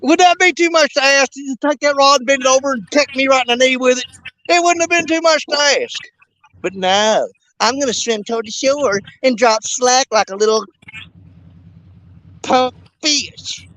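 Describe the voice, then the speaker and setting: A man hosting a fishing show outdoors, talking in an excited, breathless, rambling way. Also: very high voice, moderate pace. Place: outdoors by a river.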